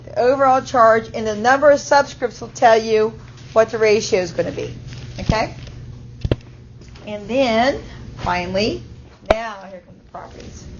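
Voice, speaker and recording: A high school chemistry teacher lectures her class, explaining step by step and frequently checking in with students. Her voice is on the high side. The classroom recording, made with an auto-tracking camera mic, is slightly muffled and has background noise.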